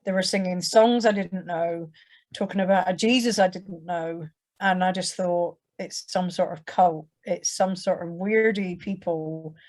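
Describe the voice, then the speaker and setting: A young English woman gives her personal testimony to churchgoers at a measured pace, her voice lowish and darkish in tone. She keeps it conversational, restarting often and acting out quotations.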